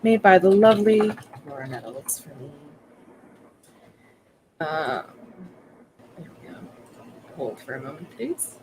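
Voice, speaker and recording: Woman, livestream host, playful, giggly, animated pitch, light background hiss. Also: a little slow, pauses often. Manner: giggly, laughs often, playful. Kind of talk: casual livestream chat.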